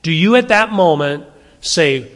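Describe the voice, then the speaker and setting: A man preaching a sermon, emphatic, shifting between strong stresses and quiet asides. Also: on the high side, animated, measured pace, long reverb tail. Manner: emphatic, varies loudness, drops to quiet asides. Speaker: pastor.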